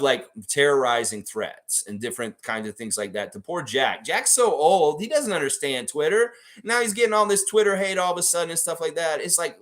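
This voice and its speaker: A man's voice: mid-range voice, fairly bright tone. A man hosting a live stream, reading viewer comments and rambling through his thoughts with frequent restarts. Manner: rambling, thinking aloud with restarts. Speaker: livestream host reading chat. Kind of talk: casual live chat.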